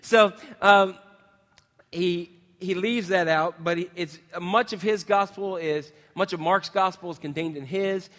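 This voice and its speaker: A man with a high voice gives a sermon as pastor. He talks in a loose, conversational way and often restarts mid-sentence. His words ring out with a long reverb, as if he is in a large hall. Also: a little slow, fairly bright tone. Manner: conversational, with frequent restarts and fillers.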